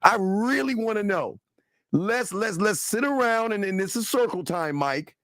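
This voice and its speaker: A man's voice: high voice, lively intonation, a little slow, fairly bright tone, no echo, studio quality. Profane, confrontational man co-host. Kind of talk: heated livestream talk.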